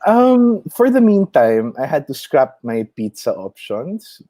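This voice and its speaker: A man with a Filipino accent, a chef chatting as an interview guest, animated and quick to laugh as he tells stories. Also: a little high, no room sound. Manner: animated storyteller, mixes in Tagalog, laughs often. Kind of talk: casual interview conversation.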